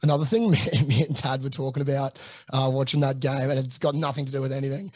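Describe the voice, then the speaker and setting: A young Australian man hosts a podcast, chatting casually with a mate, swearing freely and using lots of fillers. His medium-pitched voice is steady, quick and a little mellow, recorded with no echo.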